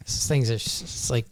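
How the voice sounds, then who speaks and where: Rambling podcast host telling a story. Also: male voice. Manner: rambling anecdote-telling, full of restarts and "and then". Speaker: toy shop owner and podcast host.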